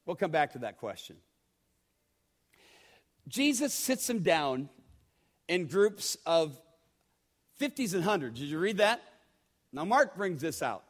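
A pastor with a high-pitched voice preaching to his congregation. His delivery is conversational, with repeated words and direct questions to the listeners. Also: big pitch swings, slow, pauses often. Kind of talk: sermon.

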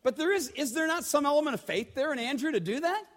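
A pastor with a high-pitched voice preaching to his congregation. His delivery is conversational, with repeated words and direct questions to the listeners. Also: lively intonation, quick pace, a bit bright. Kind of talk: sermon.

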